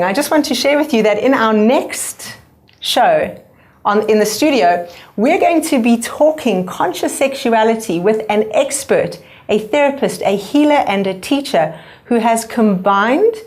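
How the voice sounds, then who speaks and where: A woman's voice: fairly high pitch, animated, unhurried, darkish tone. A woman hosting an interview, enthusiastic, summing up her guest's points. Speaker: interview host. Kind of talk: conversational interview.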